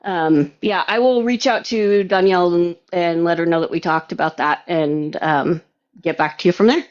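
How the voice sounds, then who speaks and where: Woman, client, hesitant, grateful, lowish voice, muffled lo-fi sound. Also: moderate pace. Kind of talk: casual conversation.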